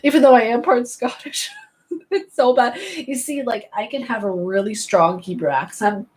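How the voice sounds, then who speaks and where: A woman's voice: a little high, moderate pace, darkish tone, rough recording. A woman gaming streamer chatting casually and playfully with her live viewers, jumping from topic to topic.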